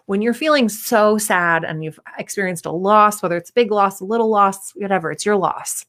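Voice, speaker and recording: A woman's voice: mid-range voice, fairly quick, fairly bright tone. A woman in her thirties, a performance coach, giving a candid, casual talk and acting out the voices of people she quotes.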